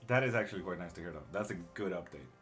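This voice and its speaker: A middle-aged man, a tarot reader and witchcraft teacher, gives a casual live-stream tarot reading, reading chat aloud and muttering curses under his breath. His voice is low, expressive and brisk with a slightly bright quality, over soft background music.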